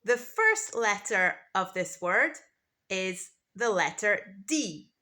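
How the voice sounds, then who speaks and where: A British woman teaches English pronunciation. She speaks at an unhurried, deliberate pace and says every word with care. Her voice is bright and crisp. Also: medium pitch, expressive. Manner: slow, careful, clearly enunciated. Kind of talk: scripted pronunciation lesson.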